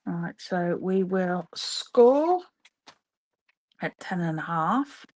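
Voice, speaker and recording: Unhurried chatty woman making cards. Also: on the low side, expressive, a little mellow. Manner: chatty, talks to viewers while working. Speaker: papercraft demonstrator. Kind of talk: live-streamed card-making demo. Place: home craft room.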